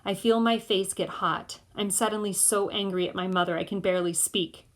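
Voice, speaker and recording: A woman narrating an audiobook in the first person of a boy, in a measured way. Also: medium pitch, steady tone.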